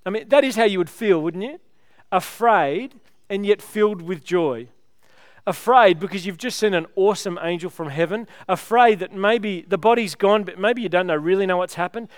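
A man's voice: high voice, moderate pace, no echo, clean studio sound. A man preaching a sermon, retelling a story with rhetorical questions in a conversational way.

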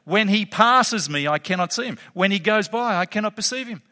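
A man delivers a sermon with a high, bright voice that swings widely in pitch. He is emphatic and animated, often laughing. Long reverb from a hall trails each phrase. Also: brisk. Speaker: preacher.

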